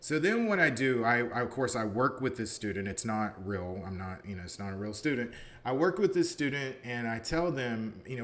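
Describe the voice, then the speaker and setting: Speaking at normal speed with hardly any pauses, this philosophy professor has a mid-range, slightly bright voice and lively intonation. His story is casual and conversational, sprinkled with "you know," and he performs the quoted dialogue.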